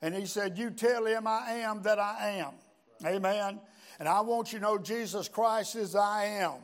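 An older man preaching a sermon, telling his story in a folksy way with frequent amens and pauses. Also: high-pitched. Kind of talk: sermon with personal testimony.

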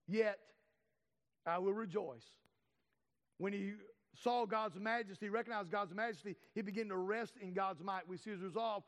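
A man with a high-pitched voice preaches, leaning on words and stretching them out for emphasis. His voice carries a long reverb from a large hall. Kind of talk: sermon.

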